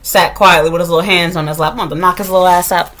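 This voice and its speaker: A woman, a substitute teacher, telling a story to the camera as a casual rant, blunt and full of slang and swearing, getting loud as she recalls scolding. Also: on the low side, quick pace. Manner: animated, gets loud when retelling scolding.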